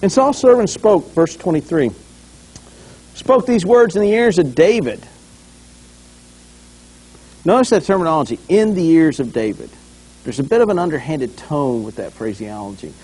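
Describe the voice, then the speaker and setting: A male pastor preaching in a lively, conversational way, his voice swinging widely in pitch. The tone is somewhat raised and has a husky, breathy grain. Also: normal speed, pauses often. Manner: animated, conversational, acts out scenes. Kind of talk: sermon.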